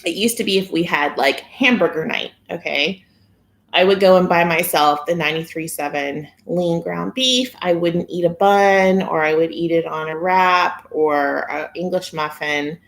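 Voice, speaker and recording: Giggly woman chatting on a phone live stream, voice sits a bit low, talks to viewers like friends. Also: normal speed. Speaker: weight-loss vlogger hosting a live stream. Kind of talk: casual live-stream chat.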